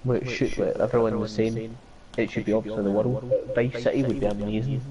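A man's voice: fairly low pitch, little pitch movement, brisk, a loud crowd, low-quality recording. A man chatting casually and crudely while streaming a game, swearing and joking. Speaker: live-stream gamer. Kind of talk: casual gaming chat.

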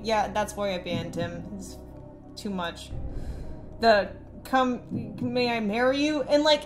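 Sarcastic young woman reading chat. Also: mid-range voice. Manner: sarcastic, reads messages aloud in mocking voices. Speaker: streamer reading chat messages. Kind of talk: casual stream commentary.

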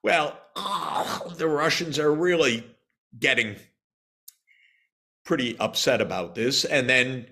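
A man's voice: mid-range voice, a little slow, long pauses, pushed and bright. An economist from the United States, a man giving an indignant, emphatic interview answer with frequent hesitations.

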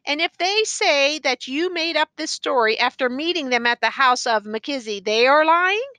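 A woman's voice: high-pitched, normal speed, pushed and bright, dry recording, pitched above the performer's own voice. A woman reading the part of a male prosecutor who presses the accused with formal questions.

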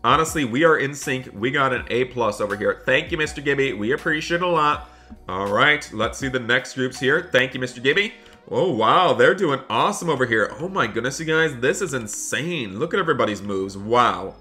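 A man hosting a gaming channel, talking excitedly to viewers while role-playing a school day in a game. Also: mid-range voice, fairly quick, soft background music. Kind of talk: Roblox role-play commentary.

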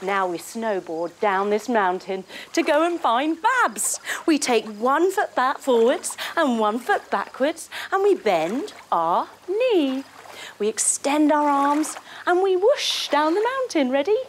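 Brief: young female kids-yoga teacher, lively singsong delivery, slow and unhurried, faint hiss behind. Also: high voice. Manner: playful, singsong, lots of sound effects and cues. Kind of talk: guided kids yoga story.

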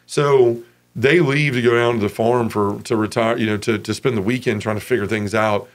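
A man's voice: medium pitch, fairly even intonation, moderate pace. A man in his forties from Memphis, giving a frank, casual personal testimony as an interview guest.

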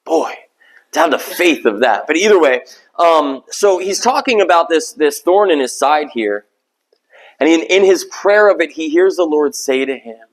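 Guy pastor preaching, chatty and self-deprecating, higher-ish voice, acts out the voices he quotes. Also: lively intonation, normal speed, rough recording. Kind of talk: sermon.

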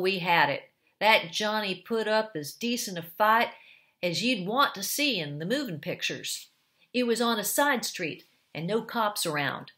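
A woman's voice: mid-range voice, fairly bright tone. A woman voicing a pessimistic male ex-boxer turned tramp, talking blunt street slang.

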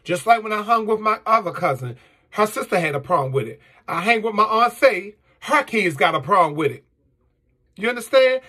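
High, raspy, heated man ranting. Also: lively intonation, moderate pace, pushed and bright. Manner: heated, profane, rhetorical questions. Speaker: vlogger. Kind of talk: angry monologue to camera.

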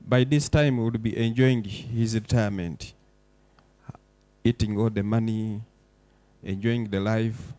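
Low, dark-voiced young man speaking passionately. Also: steady tone, measured pace, pauses often, no echo. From Uganda. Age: young adult. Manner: impassioned, rising to forceful declarations. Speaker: foundation director giving a speech. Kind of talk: emotional public speech. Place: event hall.

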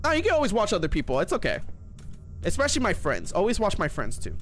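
A man streams a horror game, talking to his chat and shrieking whenever something scares him. His excitable voice sits high and moves fast, with faint music in the background.

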